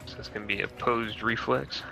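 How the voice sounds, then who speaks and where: A man running a tabletop mech game as game master, casual and quick to laugh and swear. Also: mid-range voice, steady tone, creaky, pushed and bright, soft background music, poor audio.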